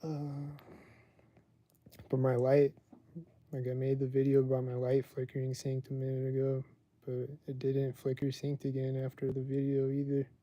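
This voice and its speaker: A man hosts his own livestream podcast, talking in a casual, meandering way packed with "like" fillers. The audio is dull, and his medium-pitched voice stays monotone at a moderate speed.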